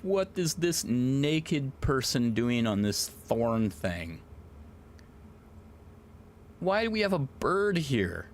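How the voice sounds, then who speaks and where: A man streaming live, chatting casually in an excitable, rambling way and swearing a lot. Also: mid-range voice, takes it slowly, long pauses, slight background noise.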